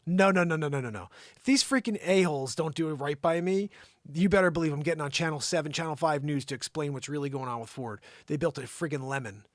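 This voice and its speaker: A man ranting on his own live stream, his voice pitched somewhat high and recorded dry and close. He talks in an animated, indignant way and acts out what others told him in exasperated retellings. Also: fast, no room sound. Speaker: live show host. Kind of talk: unscripted ranting monologue.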